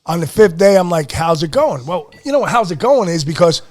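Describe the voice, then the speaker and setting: A middle-aged man from Pennsylvania hosting a podcast, telling an emotional family story in casual chat, excitable and swearing. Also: high voice, a little fast. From Lehigh Valley, Pennsylvania. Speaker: podcast host.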